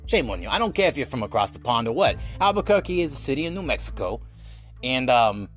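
A man from the New York area with a New York accent, hosting a comedic rant podcast in an animated, rambling way full of restarts. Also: medium pitch, fast, soft background music. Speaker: podcast host.

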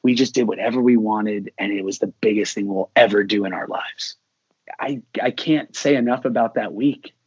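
A husky-voiced middle-aged man recounts his story in an interview, full of energy and acting out the lines of others. The recording is dry and slightly dull, with a lo-fi edge. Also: fairly low pitch, moderate pace, dry recording. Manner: animated, acts out quoted dialogue. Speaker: musician guest. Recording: dull lo-fi sound.

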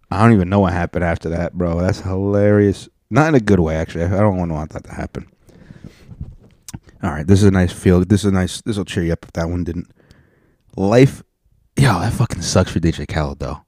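A young man hosting a podcast, telling stories and reacting to videos in an animated, swearing, joking way. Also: low voice, a little fast, dry recording. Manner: animated storytelling, swearing, acting out people. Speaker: podcast host. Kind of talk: casual reaction commentary.

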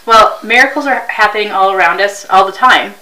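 A woman's voice: medium pitch, a little fast. A woman co-hosting a morning talk show, upbeat and encouraging. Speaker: co-host. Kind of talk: casual chat. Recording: bright voice in an echoey room, distant mic.

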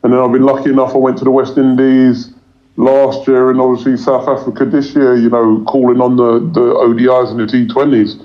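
An English cricket commentator, appearing as a guest, talks in a casual interview with a level, steady medium-pitched voice that barely rises or falls. Speaking a little fast, he rambles and stumbles over repeated words and fillers, and the recording sounds dull and lo-fi.

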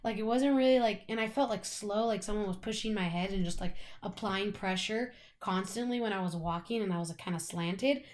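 A woman's voice: medium pitch, fairly quick, hardly any pauses, darkish tone. A young woman, co-hosting a podcast, chatting casually and telling a rambling story full of "like" and swearing. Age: young adult. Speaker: podcast co-host. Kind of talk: casual chat.

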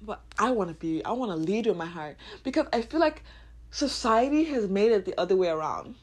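A woman of twenty-one talking unscripted on her podcast about heart and spirit, casual and swearing, swinging from low musing to loud laughing bursts. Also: animated, brisk.

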